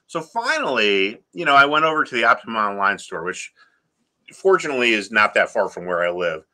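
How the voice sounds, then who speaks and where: Animated middle-aged man ranting. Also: fairly low pitch, a little fast. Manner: exasperated storytelling, lively and animated. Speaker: stock trading educator. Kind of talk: casual ranting vlog and trading lesson.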